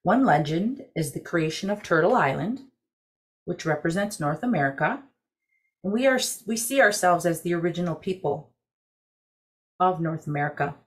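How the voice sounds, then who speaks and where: A woman telling a traditional creation legend in a measured, deliberate storytelling narration. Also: on the low side, animated. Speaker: program director telling a legend.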